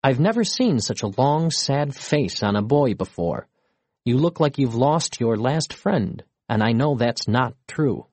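A man voicing a gentle, kindly mother. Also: medium pitch, animated, measured pace, husky, dry recording. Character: kind, gently teasing mother.

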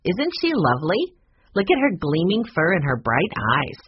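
A storybook reader voicing a spoiled, boastful girl who breeds rabbits, in a shrill, demanding tone. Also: wildly swooping pitch, moderate pace, dull audio, a little hiss or hum.

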